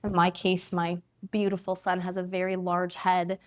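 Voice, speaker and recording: A woman's voice: on the low side, monotone, moderate pace, few pauses. A woman in her thirties, a family physician from Canada, explaining things in an interview conversation and laughing easily.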